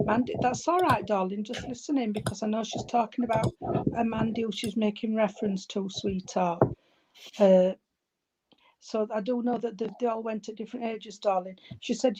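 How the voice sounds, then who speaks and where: A woman working as a spiritualist medium at a church service, relaying messages in a halting way and often calling the listener darling or sweetheart. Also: mid-range voice, steady tone. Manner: halting, with many fillers and restarts. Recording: loud background noise with clicks.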